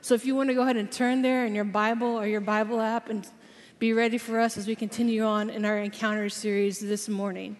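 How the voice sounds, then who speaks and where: A woman from South Georgia preaching a sermon at a live chapel service, telling stories and slowing down to stress key phrases. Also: fairly high pitch, little pitch movement. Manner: storytelling, emphatic slow pauses on key phrases. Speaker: chapel speaker. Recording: live hall reverb.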